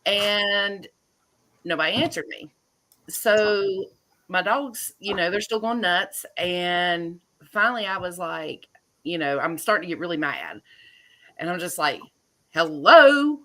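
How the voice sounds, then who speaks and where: A woman, a homeowner and guest, telling her story in casual, animated talk on a video call. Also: fairly low pitch, a little slow. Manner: chatty, animated retelling with laughs.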